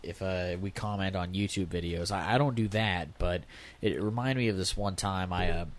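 A man's voice: sits low, normal speed. A man telling stories in casual chat, laid-back and profane.

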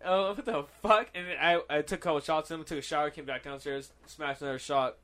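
A young man with a slightly high voice tells a rowdy party story on a podcast. He is animated and swears a lot, and he acts out each person's lines as he goes. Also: fast talker. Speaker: podcast host. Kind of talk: casual chat.

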